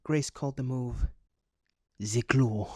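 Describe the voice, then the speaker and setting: A commentary YouTuber reads a news article aloud, breaking in with sarcastic, deadpan asides for comic effect. His dark voice sits at a medium pitch and moves at a moderate pace. The studio-quality recording has no echo.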